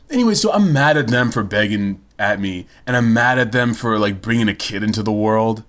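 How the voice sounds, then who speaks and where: A man's voice: on the low side, animated, brisk, hardly any pauses, fairly bright tone. A young man telling a story in casual podcast chat, blunt and swearing freely. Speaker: podcast co-host.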